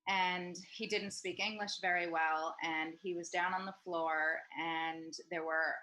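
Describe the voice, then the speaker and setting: Over a video call, a woman hosting an online group discussion tells a casual story full of ums and restarts. Her voice is fairly low, steady, and unhurried but pushed and bright, and the recording is rough.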